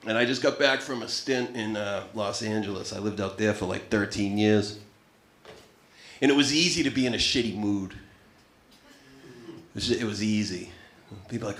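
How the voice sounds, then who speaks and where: Onstage at a small comedy club, a thirtysomething comic rambles through a wry, profane set, often breaking off mid-sentence. He talks fairly quickly in a fairly low, fairly bright voice, and the echoey live recording has laughter and a little hiss or hum.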